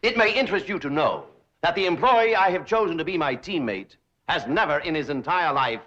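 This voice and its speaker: Casting: actor as a smug, fussy bank boss, springy animated pitch, dull hissy old TV sound. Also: male voice, fairly quick, natural voice. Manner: fussy, unctuous and eager. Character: scheming middle-aged bank president, fawning and smug. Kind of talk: 1960s TV sitcom acting. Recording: dull old TV audio with hiss.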